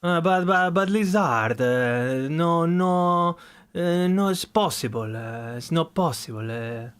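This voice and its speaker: A man's voice: fairly high pitch, expressive, slow, fairly bright tone, smooth. A man voicing a flustered Italian man with an Italian accent, stammering objections that trail off. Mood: protesting.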